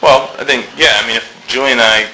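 A man's voice: mid-range voice, steady tone, brisk, bright, forceful tone, low-quality recording. A man talking casually in a church discussion group, chatty, acting out quoted remarks and laughing often.

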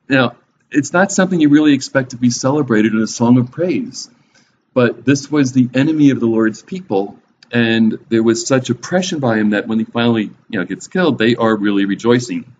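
A man's voice: medium pitch, normal speed, darkish tone. A man giving a casual, conversational Bible lesson with a wry, joking manner, on a slightly dull recording with faint hiss. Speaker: Bible teacher.

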